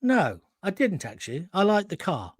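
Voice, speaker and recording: A man's voice: high voice, huge pitch swings, normal speed, slightly rough, no echo, clean studio sound. Chatty man telling rambling anecdotes. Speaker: talk show host. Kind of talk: live show reading viewer comments.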